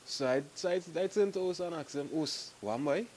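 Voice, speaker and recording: A man with a Trinidadian accent telling stories to the camera in a lively way, laughing and acting out what friends said. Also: on the high side, brisk, hardly any pauses, heavy background noise. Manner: animated, laughing, acts out quotes. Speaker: group member telling stories. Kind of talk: casual storytelling to camera.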